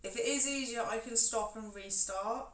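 A woman's voice: a little high, normal speed, fairly bright tone. Chatty woman streaming from a kitchen. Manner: chatty and self-mocking, talks to viewers while moving around. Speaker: cooking streamer. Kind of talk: casual live-stream chat while cooking. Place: home kitchen. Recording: roomy kitchen, far from mic, background noise.

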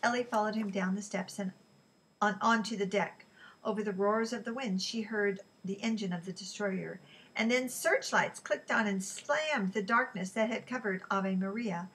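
Breathy woman reading a novel aloud. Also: medium pitch, low-quality recording. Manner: even, unhurried reading with small slips. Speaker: reader.

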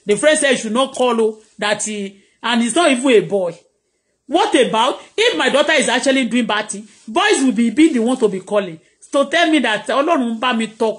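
A middle-aged Nigerian woman vlogger, delivering a heated, preachy live-streamed rant that scolds her critics. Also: a little high.

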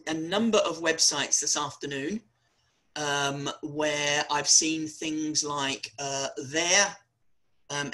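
A university lecturer giving a webinar talk, animated and wry, often spelling words out letter by letter. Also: medium pitch, low-quality recording.

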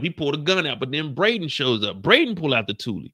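A man's voice: mid-range voice, fairly quick. A young man hosting a casual reaction show, recapping an episode and acting out scenes in voices. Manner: animated, acts out scenes in voices.

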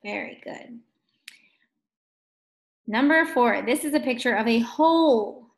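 Slow, encouraging first grade teacher woman. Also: fairly high pitch, animated, creaky. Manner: slow, encouraging, drawn-out words for children. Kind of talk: phonics lesson for young children.

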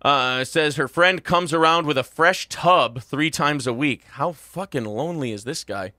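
A male morning radio host doing crude, mocking comedy banter, loud and quick to laugh. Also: fairly high pitch, dry recording, clean studio sound.

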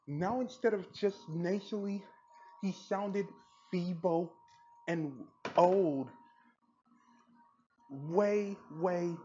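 Slow, sarcastic woman reviewing on a podcast. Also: fairly low pitch, dark tone, muffled recording, slight background noise. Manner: blunt, sarcastic and exasperated. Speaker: podcast host. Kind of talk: opinionated review commentary.

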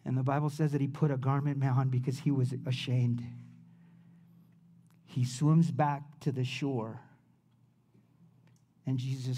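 A man preaching a sermon as pastor, telling the story in a casual way with slang, rising loud and dropping to a hush. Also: medium pitch, flat delivery, measured pace, long pauses.

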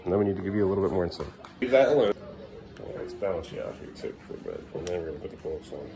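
A man's voice: sits low, lively intonation, racing, creaky, background noise. A man in his thirties, a father filming a casual family vlog at home, teasing and coaxing his young kids. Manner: playful teasing dad, coaxing and praising kids.

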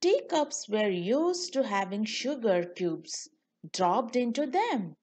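A woman reading a children's storybook aloud in a slow, sing-song way. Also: fairly high pitch, very animated, darkish tone. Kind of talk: children's read-aloud narration.

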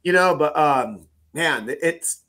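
A man co-hosting a podcast, chatting casually and reacting with quick laughs. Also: on the high side, animated, a bit bright. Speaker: podcast co-host. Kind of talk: casual chat.

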